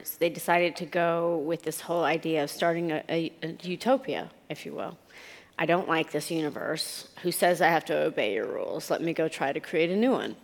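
A woman's voice: low-pitched, gravelly, long reverb tail. Woman telling candid stories on stage. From Italy. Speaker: interview guest, author. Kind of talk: on-stage conversation.

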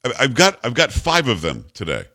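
A man's voice: medium pitch, fairly quick. A middle-aged American man hosting a talk radio show, sarcastic and opinionated as he riffs with his co-host. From United States. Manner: animated, sarcastic, riffing with a co-host.

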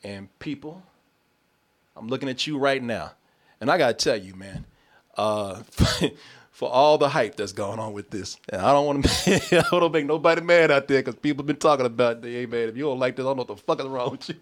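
A man hosting a casual review video, talking straight to his viewers, swearing and gushing with excitement. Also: mid-range voice, a little fast. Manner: exuberant, swears, calls out to viewers.

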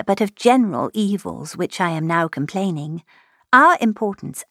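A sensible young woman pleads her case earnestly, as a woman reader plays her. She speaks plainly, with a lively lift in her voice. The recording is close and dry. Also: medium pitch, no echo.

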